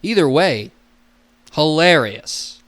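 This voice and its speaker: A man's voice: a little high, animated, slow pace, fairly bright tone. A young man hosting a solo podcast alone in a room, goofy and self-mocking, rambling and swearing a lot.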